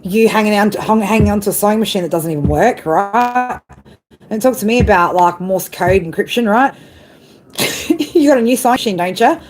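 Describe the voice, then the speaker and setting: A woman's voice: medium pitch, expressive, a little fast, low-quality recording. Aussie lady reading tarot on a live stream, rambly and laughy, bit of hiss in the background. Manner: chatty, laughs often, repeats "right?". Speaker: tarot reader. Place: outdoors.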